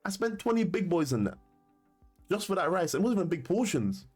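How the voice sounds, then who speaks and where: A man's voice: high voice, very animated, fairly quick, darkish tone, husky, soft background music. A man telling a story to camera in a casual, slangy way, often laughing. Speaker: commentator.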